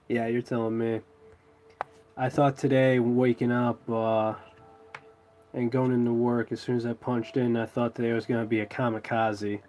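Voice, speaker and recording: A man's voice: mid-range voice, level tone, a little slow, pauses often, darkish tone, faint music behind. A man with a stuffy nose from a cold, chatting in a laid-back way with viewers as host of his live stream. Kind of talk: casual live stream chat.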